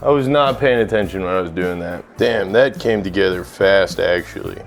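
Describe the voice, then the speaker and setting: Speaking low and at a moderate pace, this young man from the United States runs a laid-back cooking channel. Faint music plays as he rambles, cracks jokes and swears.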